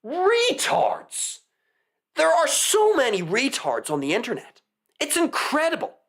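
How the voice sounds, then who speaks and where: A woman's voice: sits high, wildly swooping pitch, normal speed. A woman hosting a live commentary show, delivering a combative, scornful opinion monologue to her audience. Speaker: online commentator, show host.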